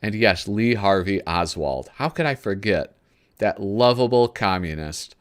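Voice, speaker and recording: Rambling, slow-talking male host. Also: lowish voice, animated, clear, resonant tone. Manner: rambling, gropes for names, chuckles often. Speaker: host of a magazine flip-through show. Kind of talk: casual live commentary.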